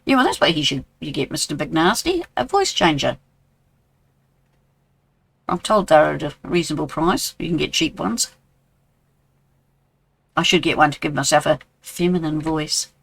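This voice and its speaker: A man's voice: fairly high pitch, animated, moderate pace, creaky, long pauses, fairly bright tone, husky, low-quality recording. A man in his sixties with a New Zealand accent, chatting casually with viewers while streaming a game and answering their messages. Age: 60s. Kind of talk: casual live-stream chat.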